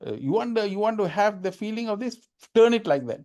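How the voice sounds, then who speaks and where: A man's voice: high-pitched, expressive, fairly quick, a little mellow. A man giving an informal spiritual talk, repeating phrases for emphasis. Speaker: spiritual speaker.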